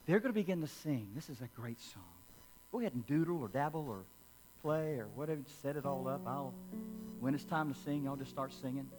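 A man's voice: medium pitch, darkish tone, faint music behind. A man preaching a sermon, firing off repeated questions and leading the congregation in call-and-response. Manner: impassioned preaching, rapid-fire repeated questions. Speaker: pastor. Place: church sanctuary.

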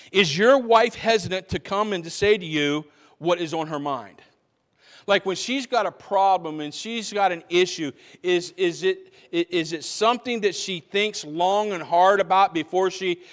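The long hall reverb of a church sanctuary surrounds a high-pitched, slightly bright male pastor. Speaking conversationally, he restarts phrases and asks questions of the congregation.

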